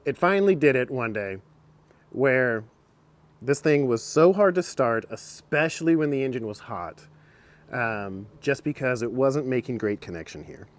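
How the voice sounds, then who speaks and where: A man's voice: medium pitch, animated, a little slow. A man casually talking through a car repair in a vlog, chatty and self-mocking, recorded outdoors by a truck on a camera mic. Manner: chatty, self-mocking, gets long-winded.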